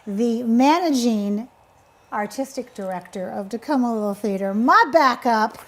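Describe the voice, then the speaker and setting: A woman's voice: fairly high pitch, normal speed, dark tone. Bubbly woman hosting a studio talk show. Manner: bubbly, playful, teasing. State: runny nose from allergies. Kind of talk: chatty studio interview.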